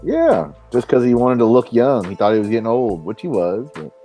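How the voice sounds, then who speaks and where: A man hosting a live stream, talking in a rambling, profane, animated way. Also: mid-range voice, a little fast, soft background music. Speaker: stream host. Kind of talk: casual chat.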